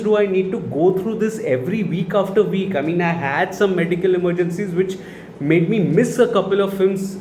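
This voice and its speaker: A man's voice: fairly high pitch, a little mellow. A man with an Indian English accent giving a sarcastic, exasperated film review full of rhetorical questions. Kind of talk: opinionated film review monologue. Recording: roomy echo, faint background noise.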